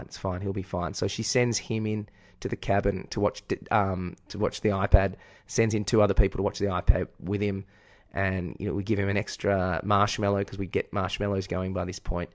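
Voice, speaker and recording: Speaking at a moderate pace with a lowish, fairly even voice, an Australian podcast co-host recounts a long story in a candid, profane, self-deprecating manner. The casual chat is captured with clean studio sound and no echo.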